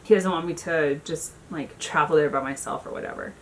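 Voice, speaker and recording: A woman's voice: low-pitched, brisk, hardly any pauses. A woman in her thirties chatting casually at home while doing her makeup, a storyteller who fills her talk with "like". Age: 30s. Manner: chatty storyteller, many "like" fillers. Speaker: beauty vlogger. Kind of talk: casual makeup tutorial chat.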